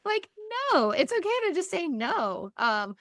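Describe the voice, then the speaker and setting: A woman guest talking earnestly and upbeatly in a casual podcast conversation, often with a soft laugh. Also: sits high, very animated, unhurried, dry recording, clean studio sound.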